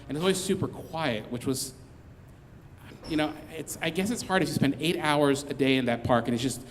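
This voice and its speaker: A man's voice: fairly high pitch, fairly quick. A man with a slightly raised voice tells a comic story on a live stage, circling back and restarting his sentences as he goes. His voice carries a long reverb from the room. A faint hiss sits underneath. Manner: rambling, with many restarts and asides.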